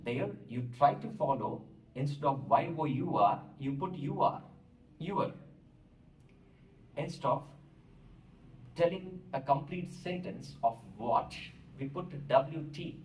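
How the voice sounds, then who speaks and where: A male teacher with an Indian English accent lectures at a very slow, deliberate pace, spelling words out letter by letter as he explains. His voice sits back from the mic in a roomy, echoing space, with a faint hiss underneath. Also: a little high, expressive, distant mic. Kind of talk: classroom lecture.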